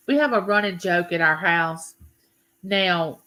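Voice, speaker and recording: Woman, live-stream chat, unhurried delivery, crisp bright tone. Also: on the low side. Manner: chatty, greets viewers by name. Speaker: livestream host.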